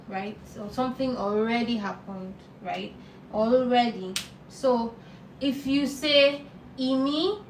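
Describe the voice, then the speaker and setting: A woman teaching a live online beginner lesson, patient and repeating words slowly for learners. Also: a little high, roomy sound, distant mic, a little hiss or hum, rough recording. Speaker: language teacher.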